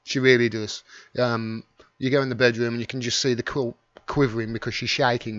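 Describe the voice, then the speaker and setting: A middle-aged YouTube live stream host with a Wolverhampton (Black Country) accent, from the West Midlands, England, speaks fairly quickly in a flat, medium-pitched, fairly bright voice. Rambling and chatty, he reads out commenters and thanks them by name. The recording is dry and dull.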